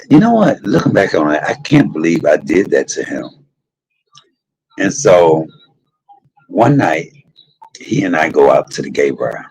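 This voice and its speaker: A man hosting his own show, telling a personal story in an animated, profane way and talking straight to his listeners. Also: deep voice, husky, low-quality recording. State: emotional, tearful at times. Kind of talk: candid storytelling monologue.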